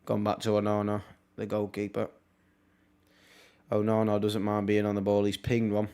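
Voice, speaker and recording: A young man, casually commentating on a football match live for his stream, with wry asides and quick reactions. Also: lowish voice, monotone, warm tone, clean tone. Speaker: watchalong streamer.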